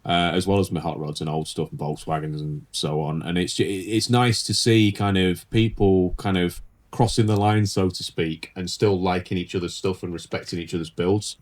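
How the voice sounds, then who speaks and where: A man's voice: low voice, fairly even intonation, normal speed. A man co-hosting a casual podcast chat, rambling and laughing easily as he tells stories. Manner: rambling, laughs often, restarts. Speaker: podcast co-host, pinstriper.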